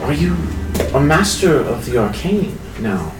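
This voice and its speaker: A man's voice: medium pitch, big pitch swings, a little slow, far from the mic, over loud music. A man playing a tabletop game, asking hesitant, curious questions in character. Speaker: player. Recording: echoey room from afar.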